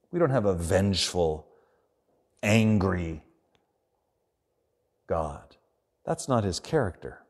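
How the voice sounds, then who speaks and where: A man preaching a sermon as pastor, earnest, often dropping quiet and slow for emphasis. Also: lowish voice, slightly rough.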